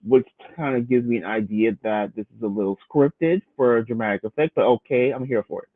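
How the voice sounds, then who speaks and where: A man's voice: medium pitch, fairly quick, no echo. A man co-hosting a casual commentary show, recapping an episode in a loose, chatty way full of fillers. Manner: loose and chatty, filler-heavy, acts out quotes. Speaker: podcast co-host recapping a reality show. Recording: tinny phone-like line, dry.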